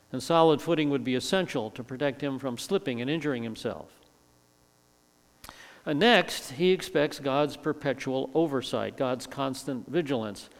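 A man's voice: medium pitch, big-room sound. An older man teaching a verse-by-verse sermon, emphatic and fond of repeating words for stress. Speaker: preacher.

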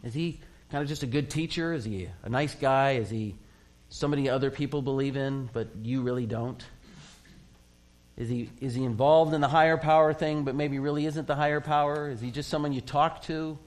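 A man's voice: mid-range voice, fairly quick. A man preaching a sermon as a pastor, in a conversational way, acting out quoted voices and often laughing.

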